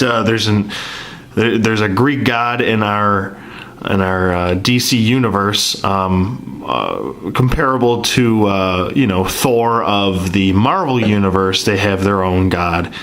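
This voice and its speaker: A man's voice: on the low side, a bit bright. A man reviewing an action figure in a casual vlog, rambling with many fillers and restarts while he is losing his voice. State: losing his voice, throat clearing.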